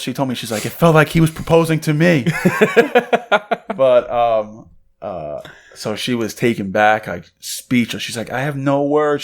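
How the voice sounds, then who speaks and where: A young man co-hosting a podcast, casually telling a story and acting out the voices of the people in it. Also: medium pitch. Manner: animated, acts out quoted voices. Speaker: podcast co-host. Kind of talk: casual storytelling over cigars.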